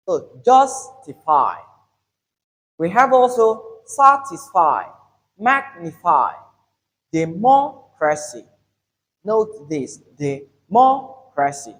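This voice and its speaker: Man, English teacher, video lesson, slow deliberate delivery, emphatic example words. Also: fairly high pitch, low-quality recording. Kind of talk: classroom-style video lesson.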